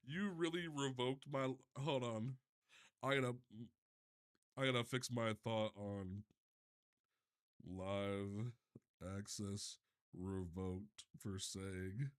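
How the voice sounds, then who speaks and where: A man with a bright, forceful voice chats loosely on a livestream. He swears freely and trips over his words, restarting sentences as he goes, in a mid-pitched everyday tone. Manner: animated, profane, stumbling restarts. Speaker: livestream host. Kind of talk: casual livestream chat.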